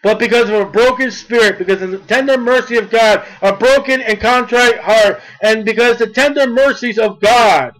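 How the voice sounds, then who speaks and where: High-voiced fervent male preacher. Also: normal speed, hardly any pauses, low-quality recording. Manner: fervent, rising to near-shouts on key points. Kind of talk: sermon.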